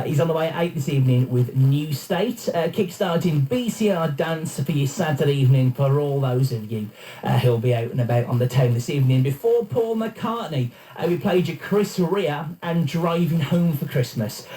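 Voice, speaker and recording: A man's voice: fairly high pitch, animated, normal speed, mellow, low-quality recording. A male radio presenter chatting casually between songs, rambling a little and filling gaps with ums. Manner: chatty, rambling, with many fillers.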